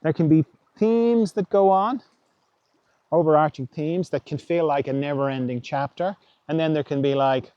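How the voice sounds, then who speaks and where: A man hosting a reflective spiritual talk, musing gently and voicing imagined thoughts aloud. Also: fairly high pitch, moderate pace, smooth, no room sound, lo-fi sound. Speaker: podcast host.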